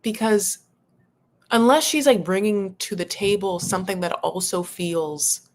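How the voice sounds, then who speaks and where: A woman's voice: mid-range voice, unhurried. A woman giving casual, opinionated commentary on a reality show, talking loosely and swearing now and then.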